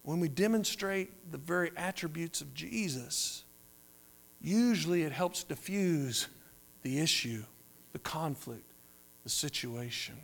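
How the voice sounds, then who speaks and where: A man preaching a sermon, moving between quiet, drawn-out phrases and louder emphatic ones. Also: a little high, lively intonation, vocal fry. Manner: preaching with wide swings between soft and loud. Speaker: pastor.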